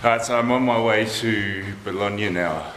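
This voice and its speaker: Male travel vlogger, low voice, relaxed and chatty, filming himself outdoors on a windy day. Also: moderate pace, low-quality recording. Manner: relaxed, chatty, thinking aloud. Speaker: travel vlogger and marathon runner. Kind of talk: casual walking vlog narration. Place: outdoors on a windy lakeside and hillside town. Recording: outdoor recording with wind and traffic noise.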